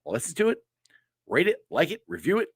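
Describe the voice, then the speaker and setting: A man hosting a casual football show, laughing a lot and talking loosely and excitedly. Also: fairly high pitch, fairly quick, husky, dry recording, clean studio sound. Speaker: show host. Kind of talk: casual sports show chat.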